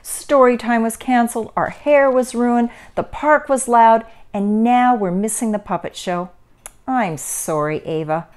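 A woman's voice: medium pitch, very animated, a little slow, warm tone. A woman voicing a caring storybook mother. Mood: dismayed. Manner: reassuring, then apologetic. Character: worried but loving young mother.

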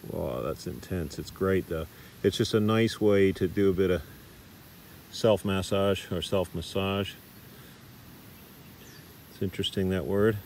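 A man's voice: low voice, unhurried, pauses often, slight background noise. Australian man teaching massage outdoors. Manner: relaxed, chatty, with fillers. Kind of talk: casual demonstration. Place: park outdoors.

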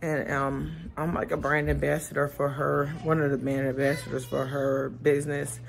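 A woman's voice: deep voice, little pitch movement, normal speed, gravelly, slight background noise. A woman in her forties chatting casually to her viewers at home and in the car. She rambles, talks straight to camera, and cannot open her mouth fully after tooth extractions. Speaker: vlogger and mother. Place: at home, later in a parked car.

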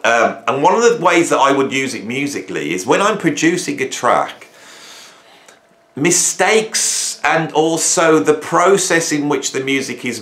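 A man talking casually to camera from his home garage, animated and rambling, often repeating himself and restarting phrases. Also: medium pitch. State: hot and sweaty. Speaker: drummer and producer talking to camera. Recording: echoey garage room.

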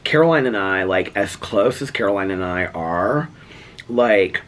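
A middle-aged man from the United States vlogging about personal loss, speaking haltingly with many fillers and close to tears. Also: fairly low pitch, expressive. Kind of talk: emotional personal vlog talk.

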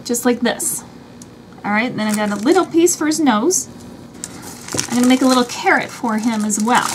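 High-voiced woman explaining a craft. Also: normal speed, a little hiss or hum. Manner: chatty, explains each step as she works. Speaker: craft channel host. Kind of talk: step-by-step craft tutorial.

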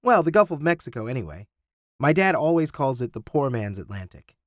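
A man's voice: medium pitch, sing-song, fairly quick, no echo, clean studio sound, close to an everyday voice. A man reading the part of a playful teenage boy who teases his friend. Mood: teasing. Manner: teasing.

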